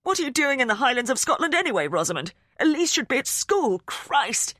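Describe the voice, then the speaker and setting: A woman's voice: medium pitch, big pitch swings, fairly quick, fairly bright tone, no echo, pitched above the performer's own voice. A woman voicing a frantic father on the phone, tense and close to tears.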